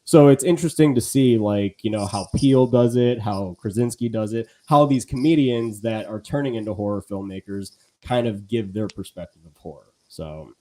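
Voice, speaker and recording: A man's voice: fairly low pitch, moderate pace, hardly any pauses, dark tone. A man co-hosting a live podcast in casual chat, rambling with lots of fillers and restarts. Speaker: podcast co-host.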